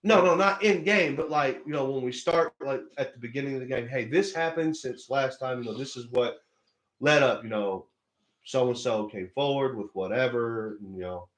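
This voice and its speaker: A man's voice: mid-range voice, moderate pace, a bit bright. A man chatting as a player after a tabletop game, hesitant and full of fillers.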